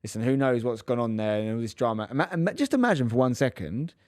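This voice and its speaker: A man's voice: mid-range voice, lively intonation, quick pace, darkish tone, no room sound, studio quality. A man in his thirties, a podcast co-host, telling a story in casual chat and acting out the quotes with animation.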